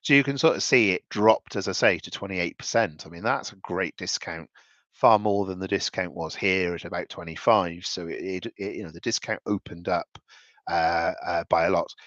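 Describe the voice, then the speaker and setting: A man's voice: deep voice, moderate pace, a bit bright, dry recording, muffled recording. A man giving casual commentary on investments over charts, rambling and thinking aloud with frequent restarts.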